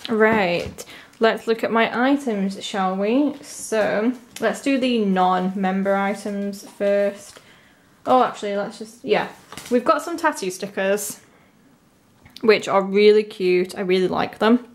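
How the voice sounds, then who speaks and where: A woman's voice: mid-range voice, slow pace. A young woman chatting casually as she unboxes an album, gushing and full of "like" fillers, squealing when she gets a lucky pull.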